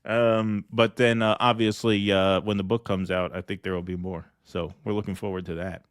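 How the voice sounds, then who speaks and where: A man's voice: lowish voice, level tone, moderate pace, clean tone, no room sound. Male host for a casual political comedy chat: chatty, laughs often, dry close mic.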